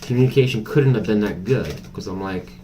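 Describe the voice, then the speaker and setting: A man's voice: lowish voice, fairly quick, dark tone, slight background noise. A man doing a casual tarot reading to camera, chatty and blunt, thinking aloud with many fillers. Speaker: tarot reader.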